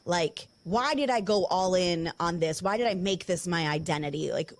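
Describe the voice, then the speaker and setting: Tearful candid woman host. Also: on the low side. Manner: candid, tearful, talks quickly in bursts. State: close to tears. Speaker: podcast host. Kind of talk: emotional podcast conversation. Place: studio building.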